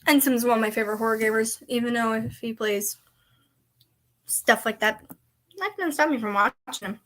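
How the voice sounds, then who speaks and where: A woman with a high voice chats casually as she reacts to clips, giggling often and now and then sinking into a soft whisper. Her tone is bright and ringing. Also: fairly quick. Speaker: video reaction host and voice actor.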